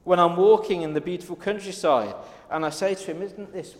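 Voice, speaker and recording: A man's voice: high-pitched, brisk. A man preaching a sermon, earnest and storytelling, acting out little exchanges as he goes. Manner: earnest, storytelling with quoted dialogue. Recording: echoey hall with long reverb.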